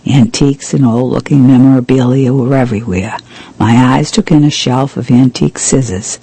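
A man reading a mystery novel aloud in steady, even first-person narration. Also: medium pitch, moderate pace, creaky, breathy edge, no room sound, poor audio. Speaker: audiobook reader.

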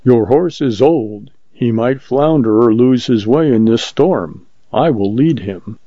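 A man voicing a huge, stubborn farmer who speaks quietly and bluntly in few words. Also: mid-range voice, slow, no room sound. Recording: muffled lo-fi recording.

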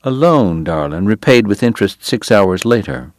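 A male audiobook narrator voicing a sardonic, sickly gentleman with a genteel drawl and cutting wit. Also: on the low side, expressive, moderate pace, dry recording, lightly acted. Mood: genteel, wry. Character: sardonic consumptive Southern gentleman, a dentist. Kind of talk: audiobook character voice.

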